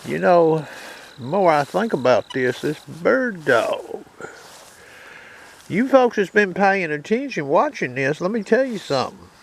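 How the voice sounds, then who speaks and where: The host of a metal detecting channel demonstrates his detector in a folksy way, checking in with viewers as he goes. His voice is a little high and creaky with big pitch swings and a slightly slow pace, and the poor recording carries slight background noise and loud detector tones.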